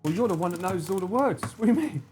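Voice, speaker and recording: A young English man with an Essex accent, chatting casually on a stream, animated and swearing, slipping into broad slang. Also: high-pitched, fast, faint music behind. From England. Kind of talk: casual chat with a co-host and live chat.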